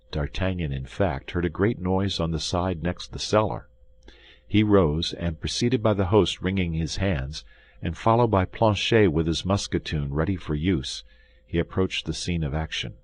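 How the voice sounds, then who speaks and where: A man narrating a classic adventure audiobook in an expressive, measured storytelling manner. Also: deep voice, dry recording.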